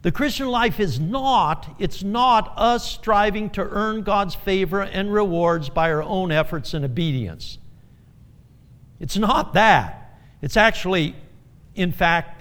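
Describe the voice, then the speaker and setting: A high-voiced man preaches in an unhurried, earnest way, circling back to repeat his key phrases and letting small chuckles slip in. His voice rings out with a long reverb around a church sanctuary. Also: fairly bright tone. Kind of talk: sermon.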